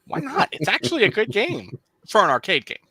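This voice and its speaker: A man's voice: high voice, huge pitch swings, brisk, bright, forceful tone, breathy edge, dry recording. A man hosting a podcast, chatting casually and reading channel promos with upbeat asides. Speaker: podcast host.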